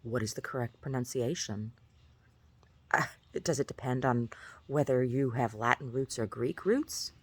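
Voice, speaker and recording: A woman vlogger talking in a rambling, chatty way, often asking "right?" and at times jumping up into a high squeaky pitch. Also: unhurried, husky, no echo. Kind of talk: casual rambling monologue.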